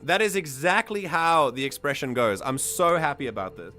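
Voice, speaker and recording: A man with a South African accent, hosting and reading a community-written story aloud, breaking into animated, excitable asides between passages of steady narration. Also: fairly high pitch, moderate pace, faint music behind. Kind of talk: story reading with casual commentary.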